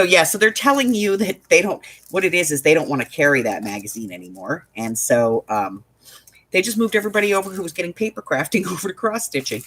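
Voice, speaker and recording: A woman's voice: on the low side, expressive, fast, a bit bright, husky. A woman running a craft shop, telling a story in casual chat, with exasperated asides. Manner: chatty storytelling, exasperated asides, laughs often.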